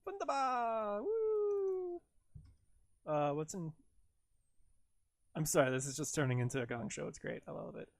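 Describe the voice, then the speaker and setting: A man's voice: a little high, steady tone, fairly quick, creaky, pauses often, dry recording. A young man hosting a live stream, chatting casually and rambling in a giggly, self-deprecating way while he works.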